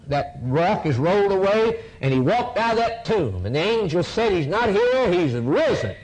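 A man preaching a fiery sermon, repeating phrases in waves and swinging from shouts down to near whispers. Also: on the high side, rough recording.

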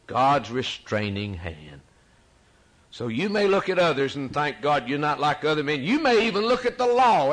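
A man preaching a sermon, possibly, swinging from loud rising cries down to hushed, quiet asides. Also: fairly high pitch, poor audio.

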